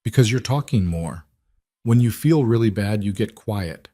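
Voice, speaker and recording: Man voicing a steady single dad, calm, reassuring, lowish voice, dry close sound. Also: normal speed, no room sound.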